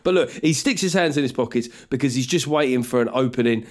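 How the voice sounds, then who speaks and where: A man talks through listener letters on his podcast in a loose, joking monologue. His voice sits at an ordinary middle pitch, and he keeps slipping into playful mock voices for the gags. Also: fast. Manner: chatty, jokey, bursts into mock voices. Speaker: podcast host and comedian. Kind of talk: casual comic monologue.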